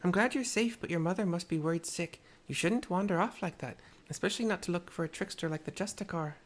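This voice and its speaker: A gamer voicing an earnest young woman warrior who blames herself, in a put-on mixed accent, reading her lines measured and serious. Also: fairly low pitch, voice pushed up, lightly acted. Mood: scolding.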